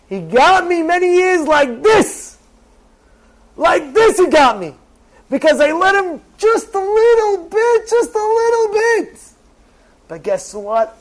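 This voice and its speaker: Rabbi, man, very high-pitched voice, emphatic preacher who hammers points with repetition. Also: rough recording. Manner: animated, emphatic, repeats phrases. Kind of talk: sermon.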